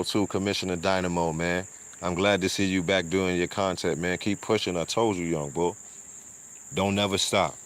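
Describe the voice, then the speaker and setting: Deep-voiced laid-back man streaming. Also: smooth. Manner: laid-back slang, laughs often, repeats words. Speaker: streamer and show host. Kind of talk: casual livestream chat and shout-outs.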